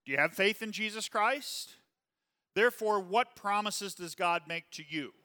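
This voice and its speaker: Man, Bible class teacher, bright voice, clear and crisp, casual check-ins, long hall reverb. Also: high-pitched. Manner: conversational, checks in with "okay?" often; reads scripture slowly and emphatically.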